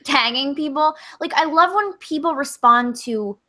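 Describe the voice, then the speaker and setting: A woman's voice: high voice, normal speed, sharp tone. A woman co-hosting a comedy podcast, teasing her friends with dry sarcasm in casual chat. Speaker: podcast co-host.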